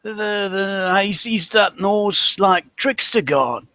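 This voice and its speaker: A man's voice: high voice, expressive, slow, sharp tone, no echo, full character voice. Man playing a rambling young acolyte. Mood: bemused. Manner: hesitant, repeats words, says "like" and "dude". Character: young, casual male cult acolyte, easygoing.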